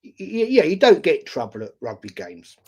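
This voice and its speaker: A man's voice: on the high side, wildly swooping pitch, a little fast, darkish tone, slightly rough, lo-fi sound. A man telling a long, sweary anecdote in casual chat, acting out what people said. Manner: swears freely, tells anecdotes with acted-out quotes. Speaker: podcast host.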